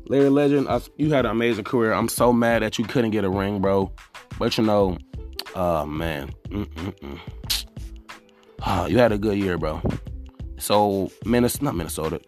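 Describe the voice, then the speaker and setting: A man's voice: lowish voice, moderate pace, music in the background. A young man hosting a casual solo sports podcast, rambling and talking straight to teams as "y'all" with lots of restarts. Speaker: podcast host.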